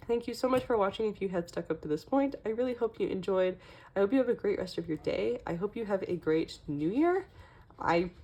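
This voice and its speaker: A woman's voice: mid-range voice, darkish tone. A young woman casually walking through her photocard collection, chatty, with many fillers and small laughs. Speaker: K-pop collecting vlogger.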